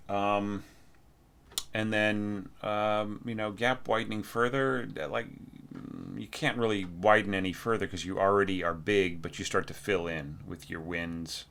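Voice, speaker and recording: A man teaching orchestration, giving a relaxed spoken evaluation of a student's score while thinking aloud and humming phrases on nonsense syllables. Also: deep voice.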